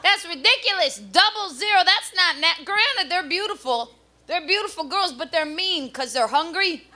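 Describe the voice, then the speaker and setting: A woman doing a stand-up comedy routine on a club stage with a handheld mic, brash and loud with punchy delivery. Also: very high voice, expressive, moderate pace, slight background noise.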